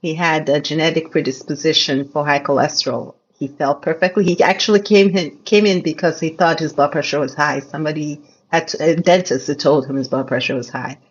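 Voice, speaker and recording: A woman's voice: sits low, fairly even intonation, a little fast, slightly rough. Woman doctor on a dull recording. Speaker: physician guest. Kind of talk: casual conversation.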